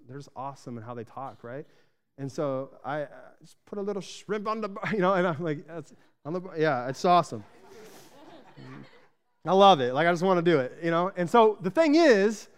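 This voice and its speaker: A man from Arizona preaching a sermon in a casual, chatty way, often checking in with the congregation and getting animated in his stories. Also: on the high side, smooth. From Arizona, USA. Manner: animated storytelling, rising louder when excited. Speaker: pastor.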